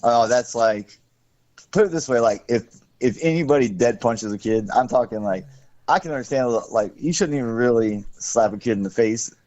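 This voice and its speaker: A man's voice: medium pitch, normal speed, darkish tone, no room sound. A man hosting a podcast in casual, rambling chat, swearing freely and breaking off his own sentences. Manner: profane, rambling, self-interrupting. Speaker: podcast host. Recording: dull dry lo-fi sound.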